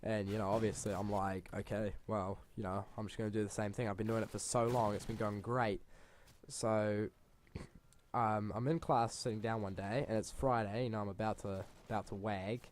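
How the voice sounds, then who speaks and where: Swearing young gaming storyteller. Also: male voice, lowish voice, flat delivery, normal speed, slight background noise. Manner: swears freely, rambling and exaggerating. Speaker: gaming channel host. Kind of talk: casual storytelling over gameplay.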